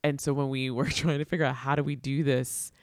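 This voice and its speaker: Interviewer, theater educator, gravelly voice, dry close sound, frequent affirmations, casual chat. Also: medium pitch, flat delivery, fairly quick, no room sound. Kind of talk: casual interview over video call.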